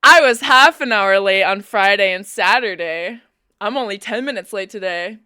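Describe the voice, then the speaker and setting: Bright, crisp-voiced young woman streamer. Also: mid-range voice, moderate pace, no room sound, clean studio sound. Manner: playful and teasing, laughs often. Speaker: live streamer. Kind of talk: casual live-stream chat. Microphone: Bluetooth headphones.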